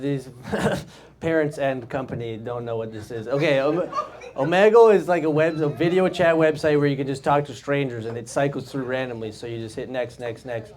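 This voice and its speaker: A man's voice: medium pitch, background noise. Young man doing stand-up. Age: 20s. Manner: casual, laughs at his own jokes. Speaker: stand-up comedian. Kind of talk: stand-up set. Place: comedy club stage. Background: audience laughter.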